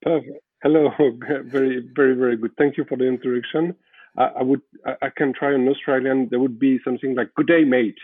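Husky man on a thin call line. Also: medium pitch, little pitch movement, dry recording. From France. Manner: hesitant, halting phrasing, soft laughs. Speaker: guest watchmaker. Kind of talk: interview answers. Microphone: video call. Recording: phone-like dry call audio.

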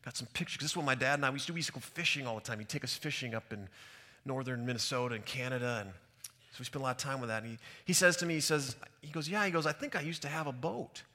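This middle-aged man speaks very fast in a sharp, medium-pitched voice. He's a pastor delivering a sermon woven with personal stories, earnest and reflective, picked up by a stage mic in a big church hall with hall reverb.

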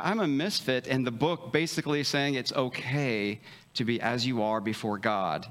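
This pastor's mid-range voice has a slightly bright edge as he delivers a relaxed, jokey sermon. He keeps it conversational, with lots of restarts and stammers, and performs snappy exchanges of dialogue in more animated voices.

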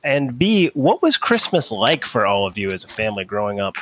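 A man's voice: lowish voice, very animated, brisk, a bit bright, muffled recording, slight background noise. A man playing an interview moderator who asks probing, leading questions.

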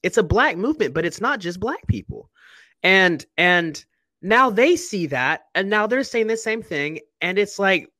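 A man's voice: high voice, big pitch swings, unhurried, pushed and bright, no echo. A soldier, a man, speaking candidly and emotionally in a conversation, earnest and emphatic, often restarting his sentences. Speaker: soldier guest.

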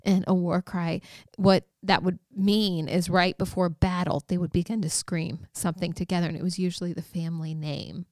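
A woman co-hosting a faith podcast, telling an excited story in casual chat. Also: fairly low pitch, no room sound, clean studio sound. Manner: excited storytelling, fast and expressive. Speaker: podcast co-host.

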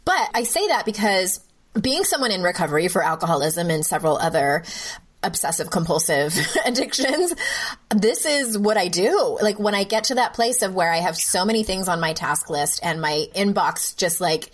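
A woman host with a lowish voice that swings widely in pitch as she talks. She chats casually with a wry, self-mocking edge. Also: lively intonation, normal speed. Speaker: podcast host. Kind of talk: casual interview chat.

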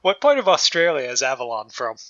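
Bright-voiced man on a dull lo-fi mic. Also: medium pitch, very animated, a little fast. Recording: dull lo-fi mic with faint noise.

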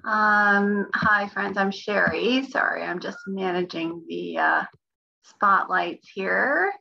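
A woman moderating an online group meeting in friendly casual talk, pausing often with fillers. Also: medium pitch, vocal fry, sharp tone. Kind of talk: casual video-call chat. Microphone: video call. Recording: muffled call audio.

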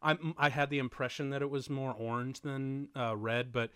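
A man chatting casually while watching a movie with friends, excitable, laughing often and swearing in mock outrage. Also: mid-range voice, moderate pace, clear, resonant tone. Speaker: movie commentary co-host.

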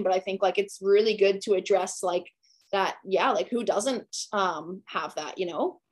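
A woman's voice: medium pitch, steady tone, normal speed, a little mellow. A young adult woman hosting a casual interview podcast, chatty and full of "like" fillers. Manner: chatty, peppers speech with "like".

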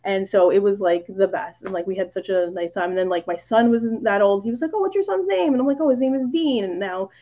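A woman's voice: mid-range voice, a little fast, few pauses, dark tone, lo-fi sound. A woman guest on a podcast, telling stories in casual chat, full of "like" fillers and acted-out quotes. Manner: chatty, many "like" fillers, acts out quoted lines.

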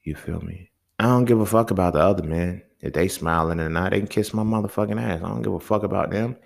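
Low-voiced and gravelly, this young man talks fast on his casual solo podcast. He's heated and profane, chatting conversationally and checking in with "you feel me" again and again.

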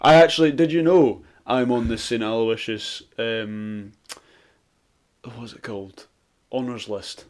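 A man's voice: medium pitch, steady tone, a little slow, a little mellow. A young man with a mixed, slightly posh Scottish and Glaswegian accent, co-hosting a podcast in casual, sweary, self-mocking banter while a bit tipsy. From Scotland. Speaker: podcast co-host. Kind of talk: casual chat.

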